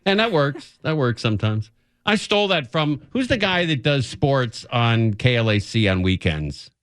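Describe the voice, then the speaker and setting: A man's voice: mid-range voice, very animated, moderate pace, fairly bright tone, clean tone, no echo, studio quality. A man hosting a radio show, telling a rambling, self-mocking story in casual chat and laughing often.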